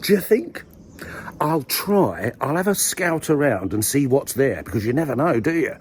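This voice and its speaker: A man's voice: mid-range voice, sing-song, moderate pace, a little hiss or hum. A man, rambling wryly to camera in a village graveyard, full of hesitant ums and dry asides. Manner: wry, dry humour, hesitant with many ums. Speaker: vlogger. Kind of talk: casual rambling monologue.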